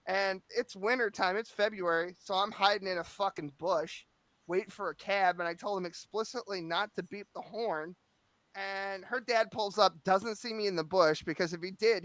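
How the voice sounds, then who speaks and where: A man's voice: high-pitched, moderate pace, a bit bright, no room sound. A man around thirty telling a long, crude, profane comic anecdote in casual podcast chat. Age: 30s. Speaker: storyteller guest.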